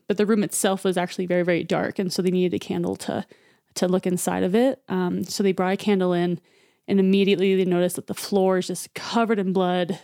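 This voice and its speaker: Woman podcast co-host, chatty storyteller, smooth clear voice, mid-range pitch. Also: darkish tone. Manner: chatty, many fillers like "um" and "like". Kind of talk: casual storytelling retelling.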